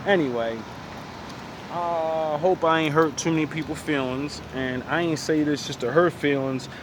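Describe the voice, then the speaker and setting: A man's voice: on the high side, background noise. A man giving a blunt, profane, rambling opinion monologue outdoors by a street. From United States. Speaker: vlogger.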